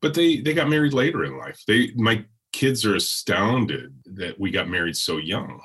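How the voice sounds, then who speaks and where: Answering interview questions, a hoarse middle-aged man with a deep, husky voice rambles reflectively, restarting sentences and relying on fillers as he thinks aloud. His pitch swings widely at a moderate pace, and his voice is a bit bright.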